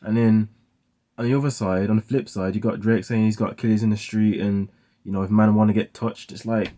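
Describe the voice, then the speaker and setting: A man's voice: fairly low pitch, steady tone, brisk, mellow. A young man giving casual, rambling commentary on songs he is reacting to, full of "like" fillers. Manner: rambling, heavy use of "like" fillers. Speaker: music reaction host.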